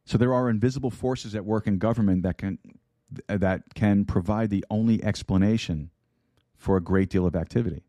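A man's voice: lowish voice, normal speed, mellow, dry recording. A man preaching a sermon on an online broadcast, repeating himself and asking his audience questions. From United States. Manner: repeats words, asks the audience rhetorical questions. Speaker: pastor. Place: online broadcast with a chat room.

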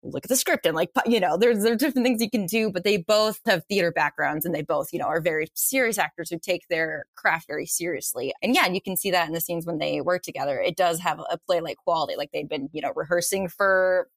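A woman's voice: lowish voice, fast talker, hardly any pauses, dry recording. A woman co-hosting a podcast, chatting casually about a film with many "like" fillers. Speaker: podcast co-host.

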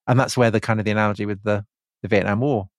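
A man's voice: lowish voice, steady tone, very fast, dry recording, clean studio sound. A man co-hosting a podcast, who talks in a thoughtful, hedging way. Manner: thoughtful, hedging with "I think" and "kind of". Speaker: podcast co-host. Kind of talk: casual history chat.

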